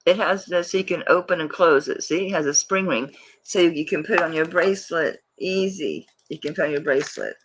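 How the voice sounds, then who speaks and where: A woman with a low, husky voice hosts a live jewelry auction, talking at a moderate pace with few pauses. It's casual live-stream selling chat: she rambles and laughs often while showing off pieces.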